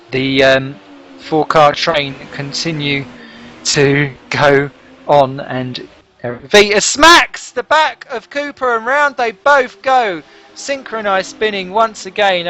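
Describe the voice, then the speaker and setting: A man giving lively, jokey play-by-play commentary on a sim race broadcast. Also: a little high, slight background noise. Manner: excitable, jokey, chatty play-by-play. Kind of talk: live sim racing commentary.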